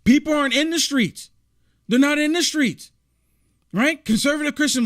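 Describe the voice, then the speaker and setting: A man's voice: very high-pitched, lively intonation, normal speed, a bit bright. A man hosting a political commentary show, reacting to clips in a rambling, repetitive, indignant rant.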